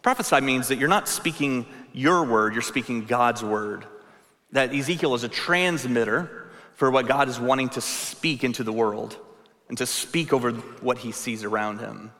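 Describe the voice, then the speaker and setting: A male pastor delivers a sermon in an earnest, emphatic way, driving his points home through repetition. His voice is bright and forceful, and a long reverb trails each phrase as if he speaks in a large hall. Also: medium pitch, moderate pace.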